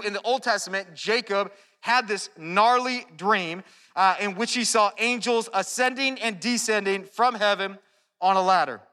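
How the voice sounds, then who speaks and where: A man preaching a sermon, earnest and animated, often restarting his phrases. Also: high voice. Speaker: pastor. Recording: long hall reverb.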